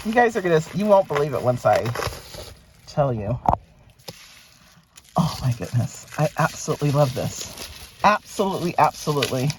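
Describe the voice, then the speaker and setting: A middle-aged woman chatting casually to her viewers as she unboxes a package, gushing and excitable. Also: low voice, normal speed, pauses often, background noise. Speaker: vlogger. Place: at a private mailbox.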